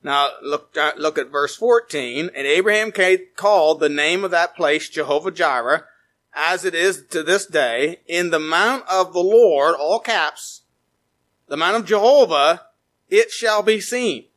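A man preaching a sermon in a fairly high voice. He reads scripture aloud and explains it, rising to emphatic peaks and then falling back to quiet, low phrases. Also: unhurried. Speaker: pastor.

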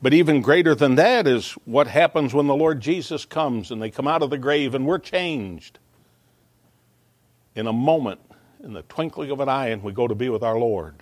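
A man's voice: medium pitch, moderate pace, no room sound. A man preaching a sermon as pastor, earnest and building to emphatic peaks, with small stumbling asides.

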